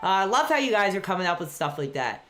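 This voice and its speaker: Bright-voiced woman streaming live. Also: medium pitch, quick pace, faint music behind. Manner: chatty, reads out chat messages between excited play-by-play reactions. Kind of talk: casual live-stream chat reacting to a wrestling show. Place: dark room at home.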